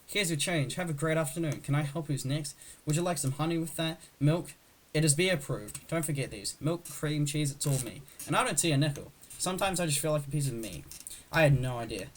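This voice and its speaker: A young man speed-reading a film script aloud, rushing and barely acting the parts. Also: a little high, animated, poor audio. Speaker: script reader.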